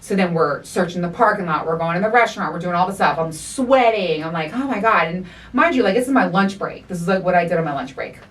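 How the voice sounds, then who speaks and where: A middle-aged woman hosting a podcast, telling a story in animated, profane casual chat and acting out the quotes. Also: fairly low pitch, quick pace, few pauses, distant mic. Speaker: podcast host.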